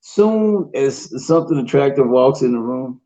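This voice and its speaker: Male co-host, husky mid-pitched voice, slangy jokester, lo-fi sound. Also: lively intonation, a little slow, warm tone. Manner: joking, slangy. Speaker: podcast co-host. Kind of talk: casual late-night chat. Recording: lo-fi dull sound.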